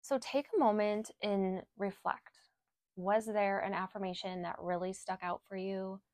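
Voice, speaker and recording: A woman working as a spiritual guide, leading affirmations and reflection in a gentle, slow way and repeating each phrase. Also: mid-range voice, fairly even intonation, no room sound, studio quality.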